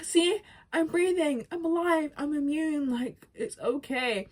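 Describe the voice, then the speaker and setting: A tough young woman survivor speaks in a high, insistent voice , as a woman puts her on while retelling a game. She talks in short, blunt bursts to reassure a friend. The voice stays firm and pushy. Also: a little slow.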